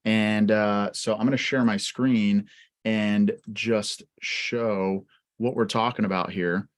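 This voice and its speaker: A man's voice: lowish voice, steady tone, slow pace. A man co-hosting a live Q&A over a video call, chatting casually with many fillers and motivational asides. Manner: talkative, lots of "like", motivational. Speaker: co-host of live Q&A. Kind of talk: casual live-stream chat.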